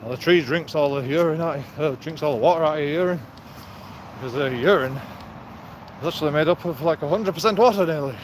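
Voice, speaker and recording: Walking city streets at night, a male vlogger rambles and jokes in a fairly high voice, talking fast, laughing often and sounding a little out of breath. The outdoor recording is noisy.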